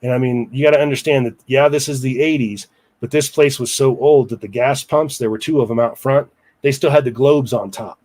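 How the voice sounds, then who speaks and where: A man's voice: mid-range voice, fairly even intonation, brisk, a little mellow. A man recounting a personal story in a casual interview, rambling with asides to the listener. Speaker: guest storyteller.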